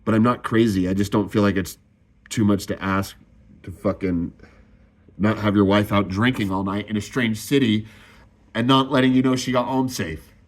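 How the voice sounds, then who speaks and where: Young man, low voice, raw confessional venting with heavy sighs and swearing. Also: fairly even intonation, moderate pace. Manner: raw, swearing, sighing often, voice rising when upset. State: distressed. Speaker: vlogger. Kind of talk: emotional confessional monologue.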